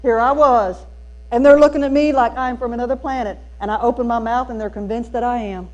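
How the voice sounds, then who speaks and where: High-voiced Southern woman telling stories. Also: brisk, highs cut off. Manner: animated, folksy storytelling with emphatic punchlines. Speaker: speaker at a teacher training day. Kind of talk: storytelling keynote talk. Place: church hall used for a school district training.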